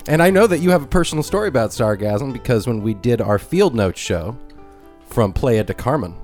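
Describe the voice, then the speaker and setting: A man's voice: medium pitch, animated, brisk, darkish tone, faint music behind. A man co-hosting a podcast, bantering playfully in casual chat. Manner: playful, banters with his co-host. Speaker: podcast co-host.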